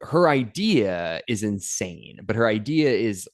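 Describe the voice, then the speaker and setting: A young adult man co-hosting a podcast, reviewing a film in relaxed, rambling chat with lots of filler words. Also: fairly low pitch, slow. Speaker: podcast co-host.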